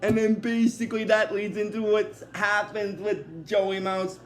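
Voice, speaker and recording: A man's voice: high voice, flat delivery, unhurried, soft background music. A young man casually recapping a cartoon episode, rambling with lots of fillers. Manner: rambling, many fillers like "basically" and "uh".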